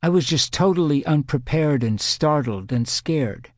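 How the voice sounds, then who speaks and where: A man reading an audiobook, voicing a frightened woman in her thirties who recalls a terrifying experience in halting, earnest words. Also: a little high, expressive, dry recording, studio quality, voice pushed up. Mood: shaken. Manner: shaken, halting, earnest recollection.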